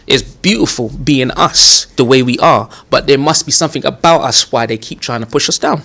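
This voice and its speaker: A man's voice: mid-range voice, normal speed, gravelly, bright, forceful tone. A young man, a comedian talking earnestly in a casual interview. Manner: earnest, conversational, with fillers. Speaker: comedian guest.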